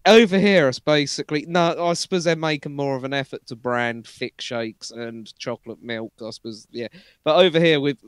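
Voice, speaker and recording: A man co-hosts a casual comedy podcast. He banters in a laid-back, doubtful way. His voice is of ordinary pitch and recorded dry and close. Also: moderate pace, clear, resonant tone, dry recording. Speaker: podcast co-host.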